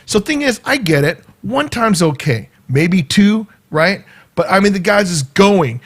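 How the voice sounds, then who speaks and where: A man's voice: high voice, measured pace, slightly rough. A man telling a personal story in a casual vlog, acting out the voices of the people in it and making sound effects. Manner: animated, acts out quoted voices and sound effects. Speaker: vlogger.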